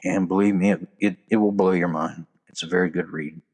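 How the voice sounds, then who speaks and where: A man's voice: deep voice, steady tone, a little fast, darkish tone. A man hosting a solo podcast, sharing trivia and jokes in a folksy, casual way. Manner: folksy, joking delivery with trivia. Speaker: podcast host.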